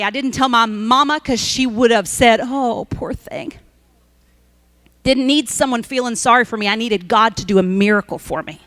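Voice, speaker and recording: High-voiced woman preaching. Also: a bit bright, no echo. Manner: storytelling, emphatic preaching. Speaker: pastor. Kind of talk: sermon.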